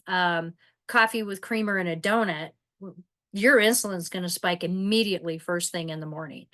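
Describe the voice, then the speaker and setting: A woman's voice: mid-range voice, a bit bright. A middle-aged woman giving a casual wellness presentation over a video call, conversational, with many fillers and restarts.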